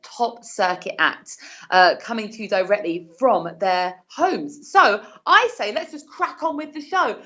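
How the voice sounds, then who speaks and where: A woman's voice: medium pitch, fairly bright tone, muffled recording. A woman hosting a live-streamed comedy show from her living room, chatty, cheeky and sweary. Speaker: host and compere.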